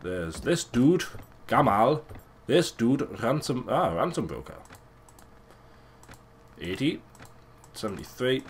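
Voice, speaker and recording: A young man giving casual, crude and excitable commentary over a video game. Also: mid-range voice, slow pace, pauses often, slightly rough. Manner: crude, swearing, excitable and joking. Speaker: let's play gamer.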